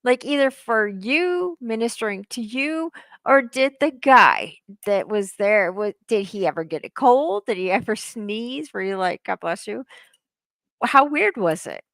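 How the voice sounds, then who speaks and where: A woman's voice: a little high, animated, unhurried, a bit bright, no room sound. Chatty woman co-host, dry sound. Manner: chatty, rambling questions. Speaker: co-host and interviewer. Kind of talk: casual live-stream interview.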